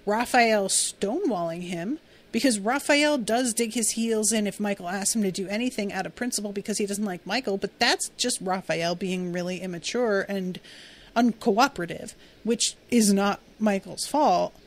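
A woman's voice: mid-range voice, moderate pace. A woman talks casually as a podcast host, recapping a TV episode. She is chatty and full of fillers, and she slips into acted-out quotes of the characters.

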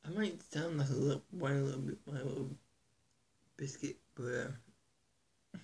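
A man vlogging to his viewers in an earnest, halting, soft-spoken way, with a gravelly, husky voice. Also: mid-range voice. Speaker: YouTuber. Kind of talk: casual vlog to camera.

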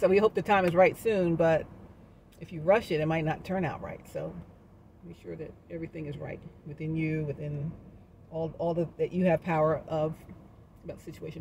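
A woman's voice: low-pitched, creaky, warm tone, slight background noise. A woman giving a casual, encouraging motivational talk to her viewers as a wellness vlogger. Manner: upbeat, encouraging, sings snippets and laughs.

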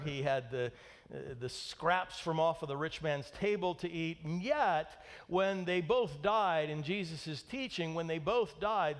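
A man preaching a sermon as pastor in a church, emphatic and asking the congregation rhetorical questions. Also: fairly high pitch.

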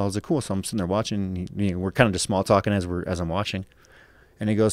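Deep-voiced guy in his 30s swearing his way through a fight story, dry close sound. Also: rapid-fire, no room sound. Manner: profane, animated storytelling with acted-out quotes. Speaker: guest, MMA fighter. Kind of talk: casual podcast storytelling.

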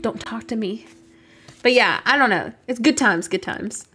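A woman's voice: a little high, expressive, normal speed, sharp tone, faint music behind. A young woman from the United States, chatting casually and laughing while streaming a video game. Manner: chatty, laughing, rambling with fillers.

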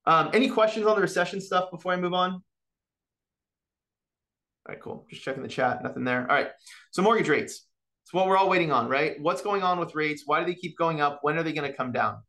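Animated man giving a market talk. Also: on the high side. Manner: animated, asks "right?" often, acts out client dialogue. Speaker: mortgage market presenter. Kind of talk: market update presentation. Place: office meeting or online session with chat.

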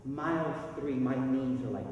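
A man preaching a sermon, telling a story in an animated way that swings between hushed asides and loud bursts. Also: mid-range voice, normal speed, muffled recording, a crowd in the background. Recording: echoey hall recording from far off.

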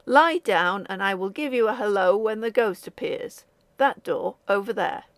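A woman reading a storybook voicing an excitable young male artist with a ringing voice, talking eagerly and impatiently. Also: medium pitch, normal speed, no room sound, natural voice.

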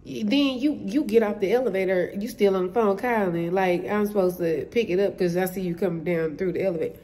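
A woman's voice: mid-range voice, a little fast, warm tone. A woman vlogging casually from her job as a concierge, talking straight to her viewers and laughing often. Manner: chatty, addresses viewers as y'all, laughs often. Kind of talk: casual storytelling vlog. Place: indoors at her workplace.

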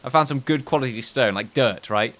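A man chats his way through a farming game, wandering off into jokey tangents and reading item descriptions aloud. His voice sits in a middle pitch with a bright, forward edge. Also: a little fast. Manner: rambling, jokey asides, reads game text aloud. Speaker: let's play host. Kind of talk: casual gameplay commentary.

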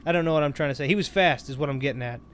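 A man with a notably high voice talks through a video game in a rambling, excitable way. He jokes, trails off and restarts his thoughts as he plays. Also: rapid-fire. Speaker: gameplay commentator. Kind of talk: casual let's-play commentary.

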